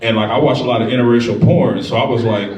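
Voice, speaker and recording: A man doing a stand-up comedy set, telling stories in a profane, animated way. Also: mid-range voice, fast talker. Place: comedy club stage. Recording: echoey club, distant mic, loud crowd. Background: crowd laughter.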